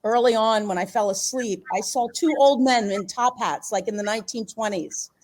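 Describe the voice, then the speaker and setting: Middle-aged philly-area woman telling a story, kinda high voice, laughs a lot, acts out the quotes. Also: moderate pace, a little mellow, rough recording. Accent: Philadelphia area. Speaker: podcast guest. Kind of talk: casual storytelling.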